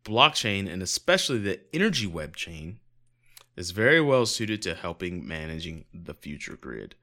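A man with a fairly low voice reads news articles aloud on a casual podcast. He keeps stopping for sarcastic jokes and a bit of swearing. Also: sing-song, moderate pace, sharp tone. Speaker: podcast co-host.

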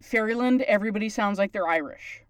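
This podcast host is a Newfoundland woman whose townie accent comes through as she chats at length in a relaxed way. She speaks in a mid-range voice at a measured pace, recorded with clean studio sound and no echo.

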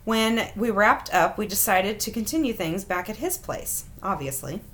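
A woman in her thirties, a podcast host, who reads stories aloud in a wry, animated way and laughs often. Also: medium pitch, moderate pace. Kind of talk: reading listener stories aloud with chat.

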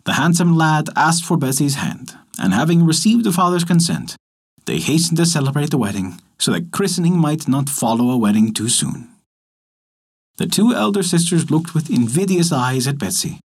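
Casting: male storyteller, husky, lively pitch, steady folk-tale narration. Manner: measured storybook delivery.

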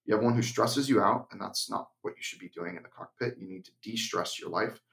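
A man's voice: fairly low pitch, creaky. A young adult man co-hosting an aviation podcast and sharing his view as a flight instructor, blunt and emphatic in casual chat. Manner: blunt, emphatic, slips into a deliberate monotone when acting out cockpit instructions.

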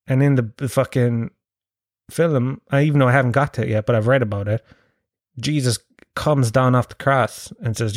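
A man's voice: mid-range voice, steady tone, normal speed, no echo, clean studio sound. A man chatting casually as a podcast host, rambling, swearing and poking fun at himself. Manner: sweary, rambling, self-mocking. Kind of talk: casual chat.

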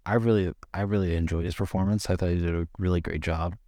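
Man, laid-back podcast co-host, rambling movie chat, low pitch, dead dry sound. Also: fast talker, dry recording. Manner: relaxed, rambling, mild swearing. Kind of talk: casual movie review chat.

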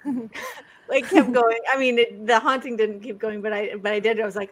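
A woman's voice: on the high side, steady tone, fairly quick. A woman being interviewed as a guest over a video call, chatty, breaking off her own sentences and laughing often.

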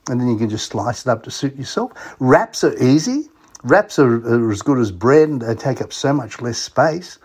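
A man's voice: medium pitch, a little mellow, breathy edge. A middle-aged man with an Australian accent, hosting a radio show in a chatty, folksy way and asking his listeners questions. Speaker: radio host. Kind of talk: casual radio talk.

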